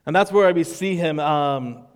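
A man's voice: on the high side, measured pace, big-room sound. A man preaching a sermon in a conversational, wry way, walking through a passage. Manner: conversational, wry, acts out quoted voices. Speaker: pastor.

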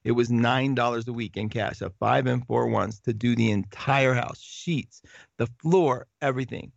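Gravelly man chatting with viewers. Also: medium pitch, moderate pace, no room sound, dull audio. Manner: animated, rambling with restarts and laughs. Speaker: livestream host reading viewer comments. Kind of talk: casual live chat.

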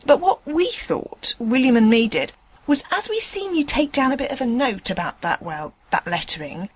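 A woman's voice: high-pitched, sing-song, moderate pace, breathy edge, full character voice. A woman voicing a chatty, indignant male tram conductor, rambling in folksy dialect. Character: chatty working-class male tram conductor, middle-aged.

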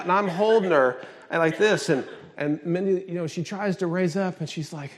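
A man preaching a sermon, emphatic and animated, asking the congregation questions and telling family stories. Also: sits high, normal speed, a little hiss or hum. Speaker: pastor.

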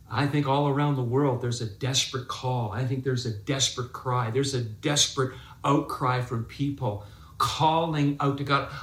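A man's voice: medium pitch, reverberant. A man preaching a sermon as pastor, emphatic and drawn out, repeating words for stress.

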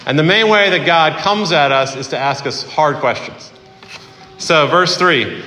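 A man preaching a sermon as pastor in a conversational way, with fillers and pauses. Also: a little high, lively intonation, sharp tone, a little hiss or hum. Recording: echoey hall.

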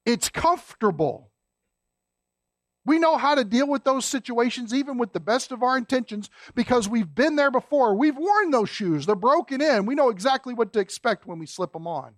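A man preaching a sermon as a pastor, folksy and emphatic, dropping low and quiet to stress a point. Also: lively intonation, normal speed, no room sound, studio quality.

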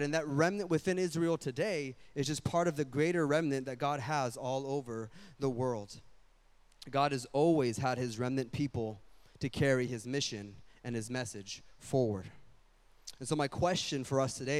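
A young adult man preaching a sermon in a casual, animated way, full of slang and quick asides. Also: mid-range voice, clean tone. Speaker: pastor.

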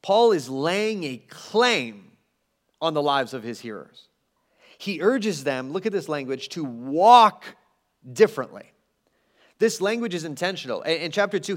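High-voiced guy preaching, chatty and animated, pokes fun at himself. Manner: animated and conversational, with self-deprecating asides. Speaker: pastor. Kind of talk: sermon.

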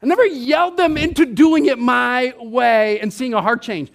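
A man preaching a sermon, playful and animated, acting out his own thoughts and dropping to a hush on scripture. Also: extremely high pitch, moderate pace, creaky. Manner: animated, playful, mimics himself and others, drops to a hushed tone on scripture. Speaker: pastor.

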